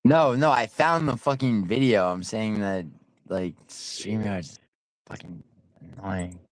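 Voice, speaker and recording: A man's voice: fairly low pitch, slow pace, dry recording, poor audio. A man streaming a casual panel chat, talking in a profane, rambling way with lots of restarts.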